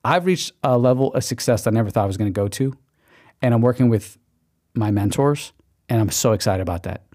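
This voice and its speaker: A man's voice: medium pitch, animated, fairly quick, a little mellow. A man hosting a podcast, giving an emphatic motivational pep talk and acting out quoted inner voices. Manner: emphatic, pep-talk delivery with repeated okays. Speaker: podcast host. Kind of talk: motivational monologue.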